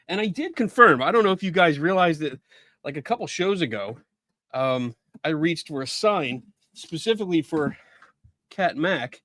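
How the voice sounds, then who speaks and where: Brief: man, middle-aged, live-stream host, bright lively high voice, excitable and chatty. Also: dry recording, clean studio sound. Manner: excitable, greets viewers by name in quick asides. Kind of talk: casual live-stream chat.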